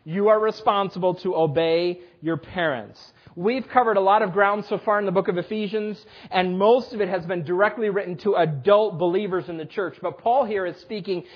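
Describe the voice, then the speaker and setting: A man's voice: high voice, a little fast, hardly any pauses, breathy edge. A man in his thirties preaching a sermon, talking directly and conversationally to the children in a church service. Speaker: pastor. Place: church sanctuary. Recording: dull lo-fi sermon recording.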